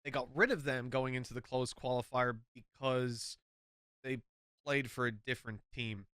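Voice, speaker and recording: Irish caster, bright forceful tone, dry close mic, blunt and sweary. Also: male voice, mid-range voice, steady tone, moderate pace, clear, resonant tone, dry recording. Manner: blunt, frequent swearing, emphatic rants. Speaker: esports caster. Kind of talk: casual podcast chat.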